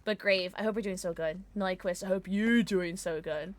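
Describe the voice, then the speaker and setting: A woman livestreaming a game from home, chatting excitedly with her viewers and cooing at her pets. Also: medium pitch, moderate pace. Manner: bubbly and excitable, greets chat; talks baby talk to her pets. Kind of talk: casual livestream chat while gaming.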